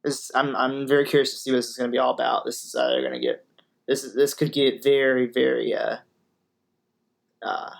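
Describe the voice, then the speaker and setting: A man's voice: medium pitch, little pitch movement, brisk, creaky. Rambling young man hosting a reaction video. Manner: rambling, filler-heavy, upbeat. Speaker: music reaction host. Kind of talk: casual reaction commentary.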